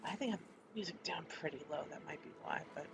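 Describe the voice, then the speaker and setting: High-voiced man streaming a game. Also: quick pace, vocal fry, loud music behind the voice. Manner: chatty, self-mocking asides. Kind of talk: casual gameplay commentary.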